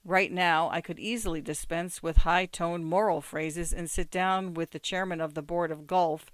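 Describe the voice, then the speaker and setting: An audiobook reader narrating short stories in an even, measured reading. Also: mid-range voice, clean tone, no room sound.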